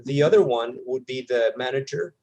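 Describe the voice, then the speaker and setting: A man talking through a story with friends in an easygoing book discussion. His voice sits at an ordinary middle pitch. He keeps tossing in quick tag questions to bring the others along. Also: darkish tone. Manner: conversational, checks in with tag questions.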